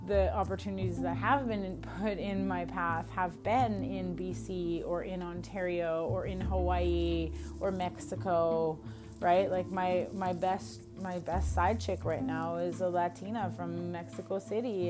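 A young Canadian woman hosting a solo audio diary podcast, chatty and blunt, often mocking herself. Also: on the low side. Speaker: podcast host. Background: music.

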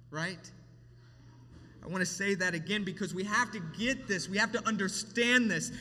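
A man delivers a sermon from a church platform, his voice high and bright. He swings between emphatic, rising lines and quiet, hushed ones. A long hall reverb trails behind every phrase. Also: normal speed. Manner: emphatic preaching with sweeping rises and hushed drops. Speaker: pastor.

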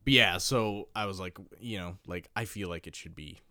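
A young man co-hosting a podcast, making deadpan, self-mocking remarks. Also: sits low, moderate pace, clean tone. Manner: deadpan, self-deprecating asides. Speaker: podcast co-host. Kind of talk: casual podcast chat.

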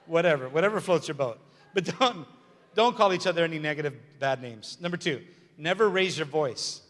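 A man's voice: on the high side, animated, brisk, fairly bright tone. A man preaching a sermon as pastor, emphatic and repetitive, with joking asides. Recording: long hall reverb with faint music.

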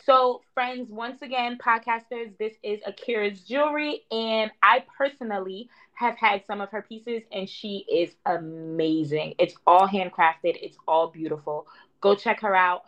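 A woman's voice: medium pitch, a little slow, a bit bright. Reflective woman podcast co-host, dull audio. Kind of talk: casual chat and reading a sponsor note.

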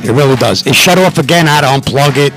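A man with a New York accent hosting a podcast from home, talking loudly, excitably and with plenty of swearing. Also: on the high side, quick pace. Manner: loud, profane and excitable. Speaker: podcast host. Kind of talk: casual podcast chat. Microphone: headphones and mixer.

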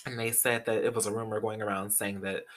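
A man's voice: on the low side, little pitch movement, quick pace, noisy background. A young man hosting a podcast, chatting casually and gossiping about pop culture, swearing freely and laughing often. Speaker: podcast host.

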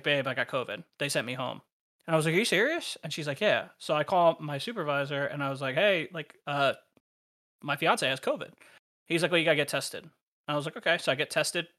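Young male podcast co-host, bright raised voice, animated profane storyteller. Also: fairly high pitch. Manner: animated, swearing, laughs while telling stories.

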